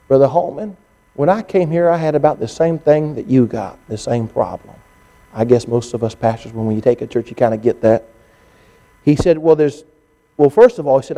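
A male pastor preaching a sermon, telling stories and acting out what others said to him, often rising to an excited, strained pitch. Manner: storytelling preacher, climbing to high excited pitch when quoting others.

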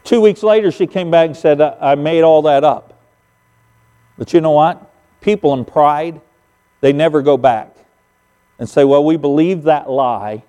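Folksy older preacher in a reverberant hall. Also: male voice, a little high, a little slow, pauses often, dark tone, clear, resonant tone. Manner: folksy storytelling, emphatic sound effects. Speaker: pastor. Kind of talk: sermon. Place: church sanctuary.

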